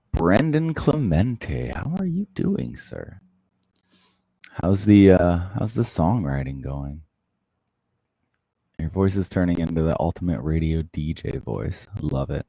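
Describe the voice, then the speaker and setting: A man hosting a casual livestream, chatting softly and closely into the microphone as he answers viewer comments. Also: deep voice, big pitch swings, takes it slowly, gravelly, pauses often, dry recording. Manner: soft-spoken, close to the mic. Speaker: livestream host.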